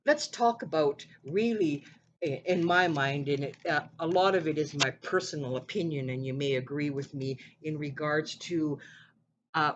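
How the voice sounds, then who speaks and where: A podcast host from Manitoba, speaking earnestly in casual commentary, with frequent pauses and "uh"s. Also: medium pitch, fairly bright tone, dull audio, a little hiss or hum. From Manitoba, Canada. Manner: earnest, halting, with frequent "uh" and "again".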